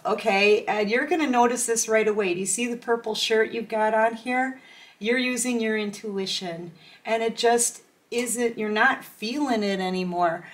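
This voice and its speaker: Female tarot reader, casual and chatty, slow delivery, mid pitch. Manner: chatty, acts out imagined dialogue with laughs. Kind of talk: casual tarot reading to camera.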